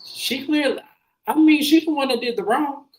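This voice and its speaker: A woman hosting a casual reality TV recap podcast, retelling scenes in an animated, slangy way. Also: high-pitched, normal speed, crowd noise, low-quality recording. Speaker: podcast host.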